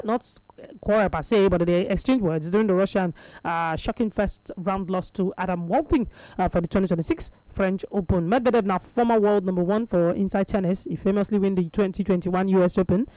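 A woman's voice: medium pitch, darkish tone, no echo, poor audio. A woman with a Nigerian accent hosting a casual radio sports show, chatty and laughing, slipping into Pidgin with many fillers.

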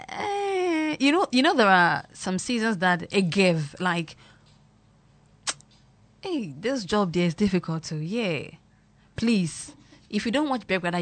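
A woman, chatting casually to her viewers in an animated way and mixing in local slang. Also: lowish voice. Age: 20s. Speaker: vlogger commenting on a reality show. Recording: loud music playing behind.

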